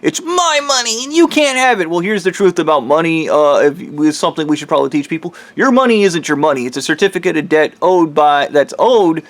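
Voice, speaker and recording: Fields. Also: male voice, fairly high pitch, no echo. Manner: profane, heated, rambling. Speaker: vlogger. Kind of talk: ranting monologue.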